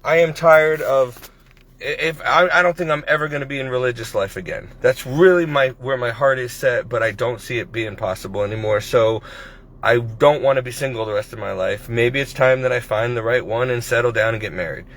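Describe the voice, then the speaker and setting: A man's voice: mid-range voice, fairly quick, fairly bright tone. A man in his forties talking in a casual personal vlog, rambling and hesitant with many restarts, recorded on a phone. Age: 40s. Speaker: vlogger. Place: at his workplace.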